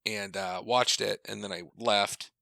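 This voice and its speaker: Podcast co-host, male, cutting bright tone, dry close mic, swears freely, voices every character in his story. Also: lowish voice, a little slow, creaky, no echo. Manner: animated, profane storyteller who acts out quoted dialogue. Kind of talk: casual chat, long anecdote.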